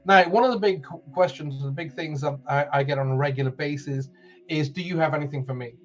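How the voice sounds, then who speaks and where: A man's voice: a little high, brisk. A man with a Northern Irish accent hosting a live-streamed spiritual show in a chatty, rambling way, with many fillers and restarts. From Northern Ireland. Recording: dull lo-fi stream audio.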